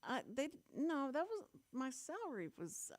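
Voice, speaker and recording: A woman hosting a radio talk show, telling a story in lively casual chat and laughing often. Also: sits high, no echo. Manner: animated storyteller, laughs often, quick asides.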